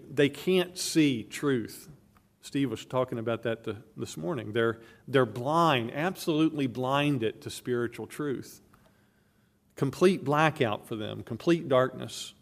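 A man preaching a sermon from the pulpit, emphatic and earnest, often restarting his phrases. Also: medium pitch. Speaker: pastor.

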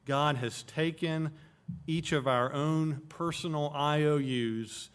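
A man's voice: a little high, slow, smooth. A man preaching an expository sermon, explaining Greek words of a Bible verse and stressing key phrases. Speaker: pastor.

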